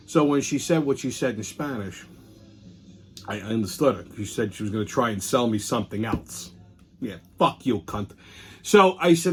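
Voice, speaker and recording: A man's voice: mid-range voice, a little fast, husky. A middle-aged man, hosting a show and telling a profane, ranting story in casual monologue. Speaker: show host.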